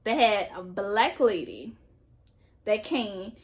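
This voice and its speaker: A young adult woman vlogger telling a story in casual chat, animated, repeating herself and swearing as she goes. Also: mid-range voice, slow pace. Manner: animated, repetitive retelling with swearing. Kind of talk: casual storytime while eating.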